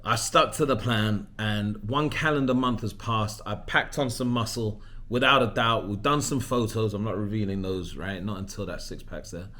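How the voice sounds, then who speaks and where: A man, talking casually to camera and telling an animated, self-mocking story. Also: on the low side, normal speed, hardly any pauses. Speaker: vlogger. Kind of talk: casual vlog monologue.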